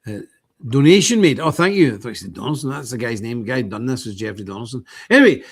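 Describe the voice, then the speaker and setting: A Northern Irish man talking straight to his livestream viewers in an animated, blunt, rambling way. He keeps restarting his sentences and breaking off into asides. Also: mid-range voice, fast, slightly rough. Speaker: livestream host. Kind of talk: livestream commentary.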